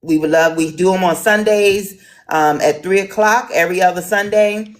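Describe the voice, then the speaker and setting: A woman's voice: medium pitch, moderate pace. A woman from Washington, D.C. moderating an online town hall, talking casually with lots of ums and restarts.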